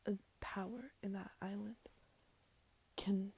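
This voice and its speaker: A woman voicing a determined woman bargaining with a queen, in a hushed whispered role-play. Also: mid-range voice, fairly even intonation, slow, gravelly, breathy edge, exaggerated voice, poor audio. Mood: coaxing. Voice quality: hushed, coaxing.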